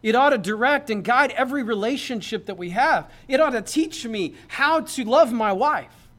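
High-voiced man preaching a sermon. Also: expressive, normal speed, a bit bright. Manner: conversational and joking, building to emphatic points. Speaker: pastor.

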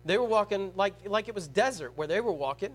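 Male preacher, high voice; sermon delivery that jumps between loud stressed words and soft, slow scripture reading, with frequent rhetorical questions. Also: expressive. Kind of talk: sermon to a congregation.

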